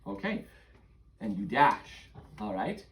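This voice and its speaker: A father running a tabletop game for his kids as game master, patient and gently coaxing. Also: on the low side, very animated, slow pace, slight background noise.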